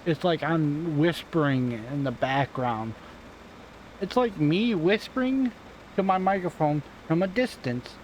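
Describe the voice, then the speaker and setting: A man's voice: a little high, animated, a little slow, a little hiss or hum, rough recording. Rambling casual gamer man. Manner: rambling, offhand and self-deprecating, swears casually. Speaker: gaming channel host. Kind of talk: casual gameplay commentary. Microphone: desk microphone at home.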